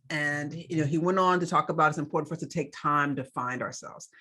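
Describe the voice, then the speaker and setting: A woman's voice: low voice, fairly quick, pushed and bright. A woman co-hosting a faith podcast, chatting casually as she recaps a church celebration and a sermon, with fillers and asides. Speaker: podcast co-host.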